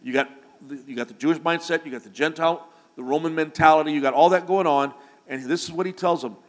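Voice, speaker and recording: Emphatic preacher in an echoing hall. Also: male voice, on the high side, fast talker. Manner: rising to loud emphatic declarations. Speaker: pastor. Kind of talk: sermon. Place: church sanctuary.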